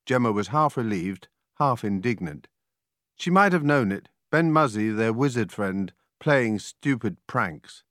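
A man's voice: medium pitch, a little slow, no room sound. A man narrating a children's story, his voice rising and falling with lots of expression. The recording is close and dry, with no room sound. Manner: animated, expressive reading. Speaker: audiobook reader.

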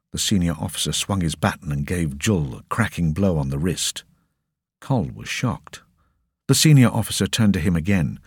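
A man narrating an audiobook with expressive, scripted storytelling. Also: low voice, normal speed, husky, no echo, clean studio sound.

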